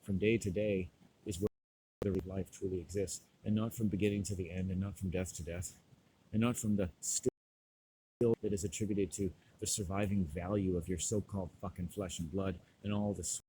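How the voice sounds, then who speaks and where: A stoned man delivering a rambling, profane monologue, loud and laughing often. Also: low-pitched, steady tone, moderate pace, a little hiss or hum, low-quality recording. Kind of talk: profane ranting monologue to camera.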